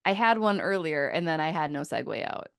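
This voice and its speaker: A woman's voice: deep voice, animated, fairly quick, creaky, clean tone, dry recording, clean studio sound. A woman co-hosting a casual sports podcast, joking and laughing as she chats. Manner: playful, joking, laughs often. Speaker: podcast co-host. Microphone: studio microphone.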